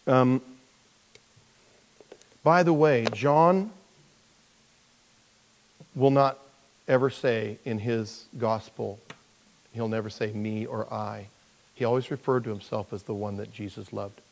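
A male pastor preaching a conversational sermon, with many restarts and now and then putting on playful high voices for characters. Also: steady tone, slow pace, creaky, long pauses, big-room sound.

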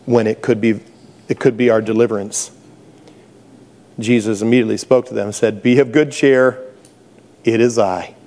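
A man's voice: lowish voice, steady tone, moderate pace, pauses often, a little mellow. A middle-aged man preaching a sermon, telling stories with humor and laughing at his own jokes. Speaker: pastor.

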